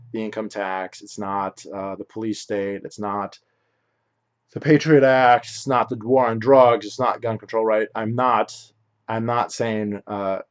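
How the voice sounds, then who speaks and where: Man rambling through an opinion monologue. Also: on the low side. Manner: rambling, opinionated, frequent restarts and self-corrections. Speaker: podcast host. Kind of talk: solo podcast monologue.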